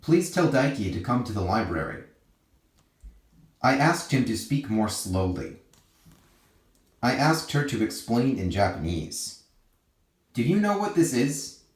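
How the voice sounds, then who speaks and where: A man reading English example sentences one by one, slowly and clearly, for learners to repeat. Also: mid-range voice, big pitch swings, echoey room. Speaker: English teacher.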